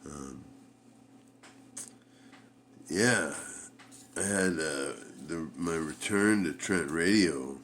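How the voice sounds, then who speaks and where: Middle-aged vlogger, slow rambling talk, faint hiss behind, recorded at home on a camera mic. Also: male voice, a bass voice, a bit bright. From Canada. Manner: rambling, halting, many fillers and restarts. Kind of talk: casual rambling vlog.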